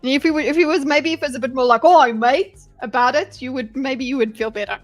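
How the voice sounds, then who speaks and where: A woman live-streams her breakdown of a debate, talking bluntly and animatedly and swearing freely. Her voice sits high. Faint music plays quietly underneath. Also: steady tone, quick pace. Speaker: livestream host analysing a debate. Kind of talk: live reaction commentary.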